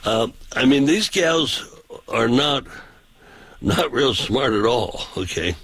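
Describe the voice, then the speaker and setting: A man's voice: medium pitch, expressive, takes it slowly, a bit bright, slightly rough, no echo, rough recording. A man, a pastor, telling folksy, rambling anecdotes in casual talk-show style.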